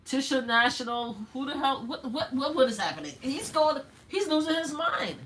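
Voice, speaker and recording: An older woman from Brooklyn with a New York accent, hosting a casual livestream where she reads texts aloud and reacts loudly with swearing and laughter. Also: sits high, animated, normal speed, a little hiss or hum. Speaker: livestream host.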